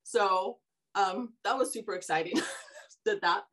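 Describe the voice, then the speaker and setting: Woman podcast host rambling through her story, laughs a lot, restarts sentences, middle pitch. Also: slow pace, fairly bright tone, rough recording. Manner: rambling, self-correcting, laughs often. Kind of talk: casual storytelling.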